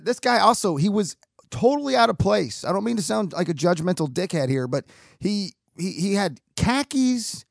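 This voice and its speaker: Animated man with a gravelly voice. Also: sits high, no echo, clean studio sound. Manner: animated, self-mocking, acts out quoted dialogue; rambling with frequent restarts and fillers. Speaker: storyteller. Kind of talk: casual monologue telling a personal story.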